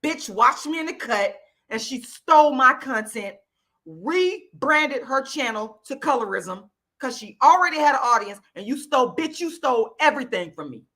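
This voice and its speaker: A woman from Florida, hosting her own channel and ranting angrily into the camera with loud, profane, repetitive emphasis. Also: high voice, animated, normal speed. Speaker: YouTube channel host. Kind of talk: angry direct-to-camera rant.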